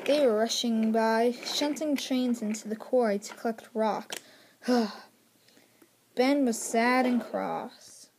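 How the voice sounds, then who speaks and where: A young narrator improvising a toy-train story, halting now and then and sighing between lines. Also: medium pitch, slight background noise.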